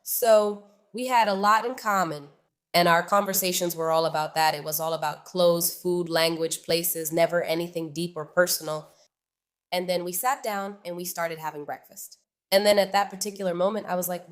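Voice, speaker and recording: A woman casually telling a personal story to her viewers, chatty and animated, often turning to address them directly. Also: lowish voice, moderate pace, clear, resonant tone.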